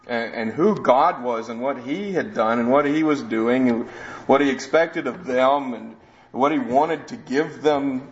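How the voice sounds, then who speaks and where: A man explains scripture verse by verse in an easygoing, conversational manner, with frequent restarts and asides. His voice is mid-pitched. The recording sounds a bit dull and muffled. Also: a little hiss or hum. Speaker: preacher. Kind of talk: verse-by-verse Bible teaching.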